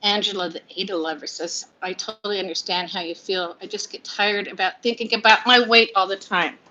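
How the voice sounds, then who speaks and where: A woman's voice: medium pitch, steady tone, a little fast, pushed and bright. A woman in her fifties chatting on a livestream from home, scattered and confiding, laughing through sadness. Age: 50s. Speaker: vlogger hosting a livestream. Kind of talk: rambling emotional livestream chat. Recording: lo-fi livestream audio.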